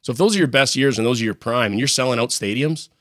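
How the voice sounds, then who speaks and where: A man from Canada chats about sports in a loose, joking, rambling way. His voice sits at an everyday middle pitch. The sound is dry and close, with no room around it. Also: quick pace, a bit bright, no echo. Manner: upbeat, jokey, rambling. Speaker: podcast co-host. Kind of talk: casual sports chat.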